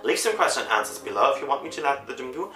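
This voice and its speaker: Chatty young woman, lively and bright. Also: extremely low pitch, fast. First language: not English. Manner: rambling, chatty, self-correcting. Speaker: vlogger. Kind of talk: casual chat to camera. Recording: echoey room with faint music.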